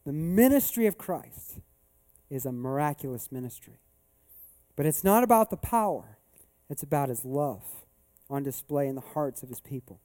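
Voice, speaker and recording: A man's voice: fairly high pitch, big pitch swings, normal speed, dark tone. A male pastor preaching a sermon at a church service. He tells a story in a conversational way, then builds to emphatic rhetorical questions.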